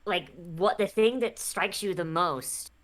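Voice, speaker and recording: A woman with a fairly low voice chats on a stream as a guest. She rambles and restarts, packs her sentences with filler, and swears freely. Her delivery stays loose and conversational. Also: slow pace. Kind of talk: casual chat.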